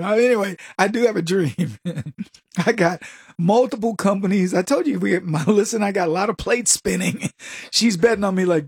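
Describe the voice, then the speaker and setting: An older male host with a high, husky voice, recorded dry and close. He gives casual, mocking commentary and laughs a lot between points. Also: moderate pace, no echo. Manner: animated, laughs often, mocking. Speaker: talk show host.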